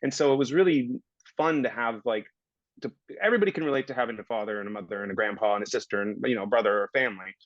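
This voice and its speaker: A man's voice: mid-range voice, rapid-fire, dry recording, dull audio. A man in his thirties, a guest actor on a casual podcast, telling rambling stories and acting out his own past remarks.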